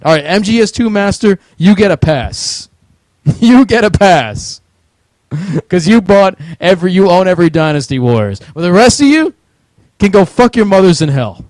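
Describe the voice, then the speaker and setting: A man's voice: high voice, lively intonation, normal speed, darkish tone, no room sound. A man with a New Jersey accent co-hosting a podcast, ranting about video games with heated, sweary, mocking talk. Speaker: podcast co-host. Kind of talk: profane ranting chat.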